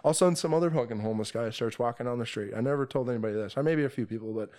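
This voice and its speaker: A young man swapping stories on a podcast, his voice sitting in an ordinary middle pitch. He tells the tale casually and profanely, with plenty of energy. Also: rapid-fire. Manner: profane, animated storytelling with laughs. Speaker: podcast guest. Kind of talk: casual storytelling.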